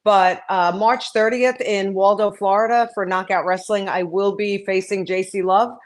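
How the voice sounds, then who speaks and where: A woman's voice: mid-range voice, steady tone, normal speed. A woman who is a pro wrestler, speaking earnestly and in detail as a guest in a casual interview.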